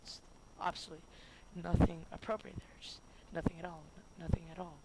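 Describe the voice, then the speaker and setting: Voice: medium pitch, level tone, fairly quick. A student narrating a homemade history video in a goofy, rambling way, full of fillers and self-corrections. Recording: noisy home recording with clicks.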